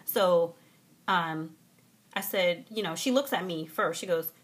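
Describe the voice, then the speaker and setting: A young woman vlogging from a hotel room, telling a story in a casual, animated, profane way and mimicking the people in it. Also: lowish voice, measured pace, slightly rough.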